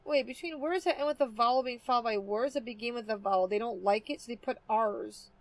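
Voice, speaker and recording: A woman's voice: a little high, brisk. A woman streamer chatting casually with her viewers while playing, chatty and easily amused. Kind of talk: casual game livestream chat.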